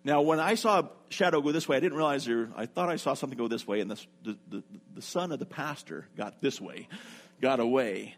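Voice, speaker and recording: A man's voice: mid-range voice, fairly quick. A middle-aged man preaching a sermon, telling a personal story and acting out what each person said. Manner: lively storyteller who acts out what people said. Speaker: pastor.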